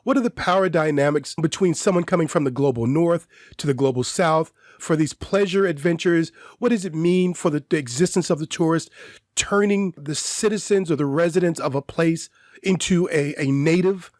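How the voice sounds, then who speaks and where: Man, podcast co-host, measured lecturing delivery, slightly high voice, dry close mic. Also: a little mellow, dry recording. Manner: measured, lecturing, builds points in lists of questions. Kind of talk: academic discussion.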